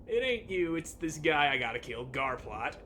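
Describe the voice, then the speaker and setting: A man's voice: a little high, sing-song, normal speed, sharp tone, a little hiss or hum. A man voicing a laid-back hired gunman in a video game who speaks casually and evasively.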